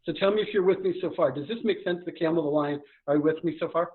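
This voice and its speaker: A man coaching live on a podcast, talking a million miles an hour. His voice sits a little high, and it comes through a narrow, tinny remote line. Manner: fast, energetic, talks a million miles an hour.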